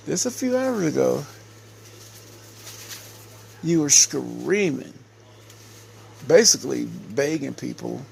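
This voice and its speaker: A man giving a slow, repetitive, scolding casual rant to camera as a vlogger. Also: a little high, vocal fry, darkish tone, slight background noise.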